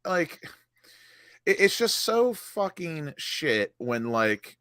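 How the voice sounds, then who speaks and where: A man's voice: a little high, very animated, drawn-out words, a bit bright, clean tone, no echo, clean studio sound. A man co-hosting a fan channel, frustrated and swearing as he picks apart the team's play. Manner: frustrated, swearing, restarts his sentences. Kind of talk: angry post-match fan chat.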